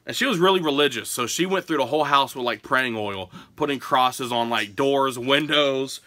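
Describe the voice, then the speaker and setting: A man from Pennsylvania telling stories and answering viewer questions in a casual, animated home vlog, often breaking into laughter. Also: medium pitch, brisk, hardly any pauses. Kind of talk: casual storytelling Q&A. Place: his home.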